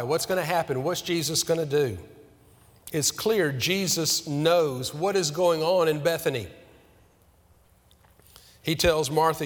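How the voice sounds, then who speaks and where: A man preaching a sermon as pastor, earnest and questioning, slowing down on key words. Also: fairly high pitch, in a large hall.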